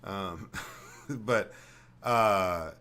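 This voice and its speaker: A man's voice: deep voice, very slow, bright, forceful tone. A man hosting a casual podcast, telling rambling stories full of swearing. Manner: rambling, profane, storytelling. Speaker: podcast host.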